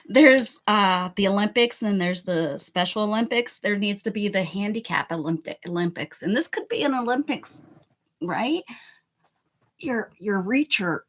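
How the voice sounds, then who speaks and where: Female stream host at home: lively, breathy-edged voice, teasing and self-deprecating chatter. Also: mid-range voice. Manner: chatty, self-mocking, laughs often, mutters softly to herself. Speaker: art channel host. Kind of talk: casual livestream chat.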